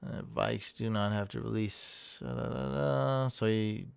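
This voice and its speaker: A man's voice: fairly low pitch, steady tone, unhurried, vocal fry, clean tone, no room sound. A man hosting a sports podcast, chatting casually and energetically, rambling and laughing at himself. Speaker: podcast host. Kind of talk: casual chat.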